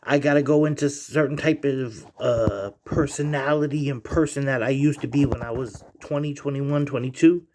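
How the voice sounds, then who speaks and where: A man's voice: mid-range voice, steady tone, normal speed, hardly any pauses, darkish tone, slight background noise. A middle-aged man vlogging in a casual, rambling monologue, profane and heated as he digresses.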